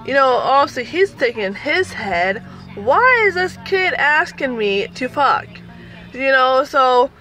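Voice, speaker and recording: A woman's voice: fairly high pitch, low-quality recording. A woman in her thirties telling a personal story in a casual, chatty way, full of fillers. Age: 30s. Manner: chatty, animated, lots of fillers. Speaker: vlogger.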